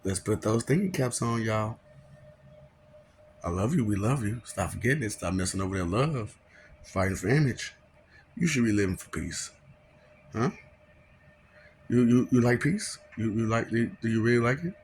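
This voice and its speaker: Mocking, laughing man with a gravelly voice. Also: lowish voice, lively intonation, normal speed, pauses often, a little hiss or hum. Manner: laughs often, mocking rhetorical questions; repeats and stumbles over words. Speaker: self-proclaimed god addressing viewers. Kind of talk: rambling preachy monologue.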